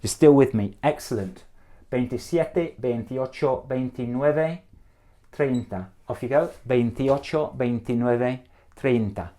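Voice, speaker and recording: A middle-aged man with an English accent, a Spanish teacher drilling numbers for students to repeat, brisk, encouraging and gently jokey. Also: medium pitch.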